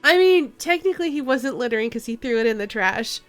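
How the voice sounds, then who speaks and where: A woman's voice: a little high, lively intonation, a little fast, fairly bright tone. A young woman streaming a narrative game, reading every part aloud and laughing at her own attempts. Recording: dry room with faint music.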